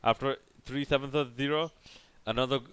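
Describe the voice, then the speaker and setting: A man's voice: mid-range voice, fairly even intonation, a little fast, fairly bright tone, clean tone, no echo. A young man casually recapping a cricket match over by over, rambling and sarcastic, with many restarts. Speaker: cricket reviewer.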